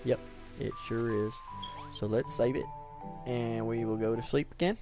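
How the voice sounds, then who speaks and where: A man giving relaxed, low-key commentary while playing a video game. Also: normal speed, gravelly, over music. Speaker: gameplay video host. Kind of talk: gameplay commentary.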